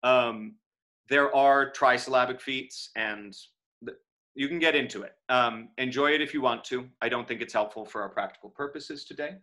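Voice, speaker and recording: Give me a man lecturing students in a casual, conversational way, mid-pitched with a bright tone. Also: normal speed. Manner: relaxed and conversational, many fillers and self-corrections.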